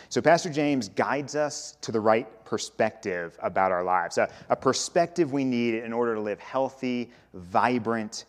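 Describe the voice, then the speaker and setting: A man in his thirties, a pastor, preaching a sermon in a conversational way, often repeating and restarting phrases. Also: lowish voice.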